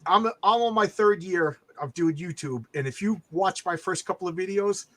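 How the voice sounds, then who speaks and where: A man chatting casually about comics and YouTube, excitable, with lots of stammering restarts. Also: high-pitched, moderate pace. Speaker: comic book creator and YouTuber. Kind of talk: casual chat.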